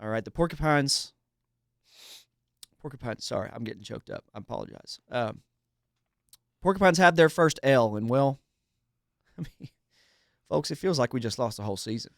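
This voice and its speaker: A man's voice: mid-range voice, animated, moderate pace, long pauses, no room sound, clean studio sound, natural voice. A man playing Dwayne, a folksy, blustering co-host of a small-town sports radio show. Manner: folksy, blustering, calls people partner and buddy.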